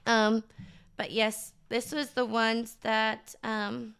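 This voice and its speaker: A woman's voice: fairly high pitch, flat delivery, takes it slowly, a bit bright, clear, resonant tone. A young woman streamer chatting casually to her live chat, bubbly and gushing, with lots of fillers.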